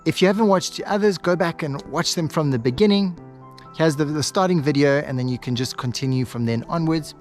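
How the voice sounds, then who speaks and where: A man teaching hypnosis, switching between quick lively talk and a slow, soft, paused delivery. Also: fairly high pitch, faint music behind. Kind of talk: instructional video monologue.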